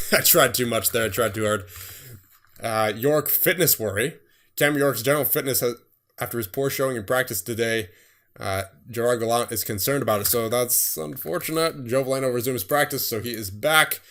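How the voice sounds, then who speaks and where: A young man giving casual commentary on a sports management game, reading scores in quick bursts and laughing at himself. His voice is getting tired. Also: medium pitch, fairly bright tone. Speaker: gaming streamer.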